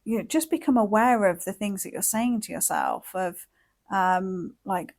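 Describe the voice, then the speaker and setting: A woman hosting a wellbeing podcast, talking in a gentle, reflective monologue with frequent "like" and "you know" fillers. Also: mid-range voice, measured pace. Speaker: podcast host and wellbeing coach.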